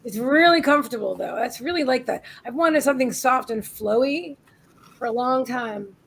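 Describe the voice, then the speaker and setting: High-voiced chatty woman telling a story. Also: expressive, normal speed, vocal fry, fairly bright tone, breathy edge, poor audio. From United States. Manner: chatty storyteller, rambling with restarts and asides. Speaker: co-host of a live psychic reading show. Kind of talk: casual live-stream chat. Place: home. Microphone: webcam on a live video stream.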